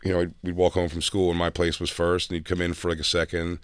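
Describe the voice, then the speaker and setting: A middle-aged man on a comedy talk show, telling long rambling stories and slipping into the voices of the people in them. His voice sits on the low side, and the studio sound is dry, close and free of room echo. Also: monotone, fast, clear, resonant tone. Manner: rambling storyteller, acts out quotes. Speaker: co-host. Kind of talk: casual comedic chat. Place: radio studio.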